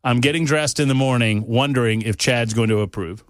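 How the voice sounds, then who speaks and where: A man's voice: medium pitch, fairly quick, dry recording, studio quality. A man on a talk radio show, chatting casually with the host in a teasing, conspiratorial way. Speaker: radio show regular, political commentator. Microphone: studio microphone.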